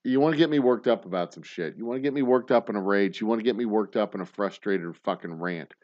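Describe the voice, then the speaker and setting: A man in his thirties hosting a casual show, ranting profanely, swinging from mumbled asides to loud outbursts. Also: lowish voice, fast talker, muffled recording. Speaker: podcast host.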